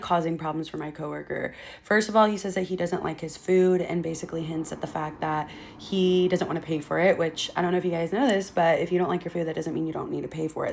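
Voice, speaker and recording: Young woman, casual storyteller, blunt and exasperated, a little low-pitched, curses freely. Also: gravelly, slight background noise.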